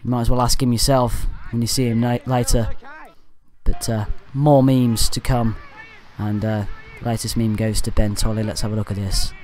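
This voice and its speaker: A man giving casual voice-over commentary for a fan channel. He rambles and jokes, with off-topic asides and quick self-corrections. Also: medium pitch, flat delivery, a little mellow.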